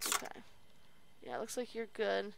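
A woman's voice: mid-range voice, very animated, normal speed, creaky. A woman streaming a video game and commenting as she plays, often muttering to herself while she works. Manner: talks to herself while working, mutters under her breath. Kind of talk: let's play commentary.

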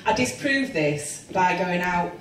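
A woman in her forties performing a stand-up comedy set, self-deprecating and bawdy with deadpan asides. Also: lowish voice, takes it slowly, recorded from a distance, slight background noise. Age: 40s. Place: comedy club stage with audience. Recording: roomy live club sound with crowd laughter.

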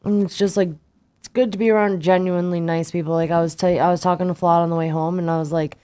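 Woman co-host, casual chat, somewhat low pitch, rambles with constant "like". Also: steady tone, quick pace, dark tone, clean tone. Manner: rambling, fills speech with "like".

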